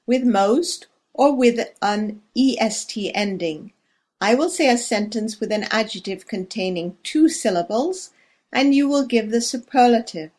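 A woman teacher reading a scripted grammar drill, enunciating carefully with pauses for the listener to repeat. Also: fairly high pitch. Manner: slow, measured, carefully enunciated with pauses for repetition. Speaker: language teacher.

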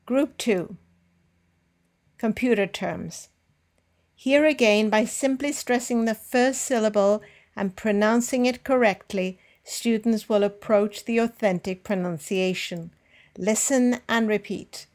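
Slow, careful woman teaching English. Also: on the high side, a little mellow. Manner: clear, careful enunciation with drills and pauses. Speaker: English teacher and podcast host. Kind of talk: slow, deliberate pronunciation lesson.

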